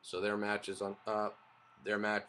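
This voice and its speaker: Rambling young man with a low voice. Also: monotone, normal speed, bright, forceful tone, a little hiss or hum. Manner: rambling, opinionated, frequent fillers and restarts. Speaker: wrestling show reviewer. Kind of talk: casual spoken recap and review.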